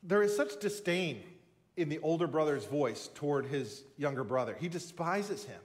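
High-voiced male preacher, storytelling. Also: expressive, moderate pace. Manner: conversational storytelling with emphatic stresses. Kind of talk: sermon.

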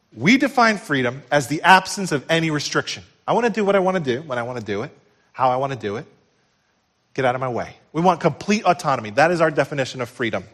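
A middle-aged male pastor delivering a sermon in a fairly high voice. His preaching climbs to loud, emphatic peaks, then drops to hushed, tender lows.

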